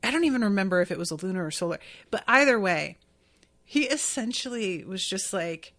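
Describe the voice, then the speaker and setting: A woman with a mid-range voice talks through an episode recap. She is chatty and animated, and now and then she acts out lines in quoted voices. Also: medium pitch, normal speed. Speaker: podcast host.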